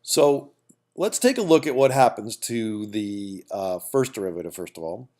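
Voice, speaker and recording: A man walks through a calculus lesson in a relaxed, chatty way, often repeating himself and checking in with the class. His voice sits low and has a gravelly edge. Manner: casual, repeats himself, many asides and "okay?" checks. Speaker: math teacher.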